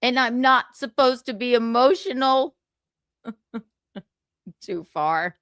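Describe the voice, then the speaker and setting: A woman hosting a casual livestream, reading viewer comments out loud in a brash, profane, giggly way. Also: fairly high pitch, expressive, slow, clear, resonant tone, dry recording, studio quality. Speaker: livestream host.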